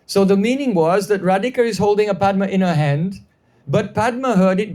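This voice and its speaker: High-voiced man telling a sacred story. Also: fairly quick, warm tone. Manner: explanatory, repeats phrases, asks listeners. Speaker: devotional storyteller. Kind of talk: live devotional storytelling class.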